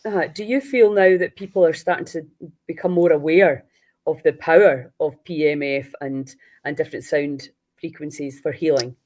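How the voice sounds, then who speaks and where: A woman's voice: sits low, moderate pace, a little mellow. A woman hosting a casual conversation, earnest and repeating her points for emphasis. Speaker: host.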